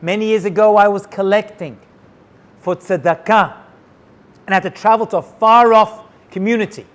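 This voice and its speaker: A male rabbi telling a story in an animated way, dropping Hebrew and Yiddish words as he goes. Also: high-pitched, normal speed. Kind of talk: storytelling talk.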